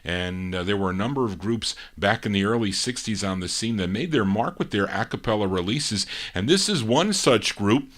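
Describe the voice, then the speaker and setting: A man's voice: lowish voice, normal speed, few pauses. Easygoing male oldies DJ. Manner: relaxed, rambling, with frequent "uh" fillers. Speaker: oldies radio show host and DJ. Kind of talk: live DJ patter introducing record requests.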